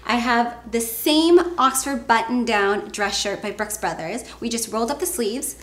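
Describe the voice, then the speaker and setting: A woman's voice: fairly high pitch, a little slow, a bit bright. A woman presenting men's outfits in a fashion vlog, upbeat and enthusiastic. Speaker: fashion vlogger.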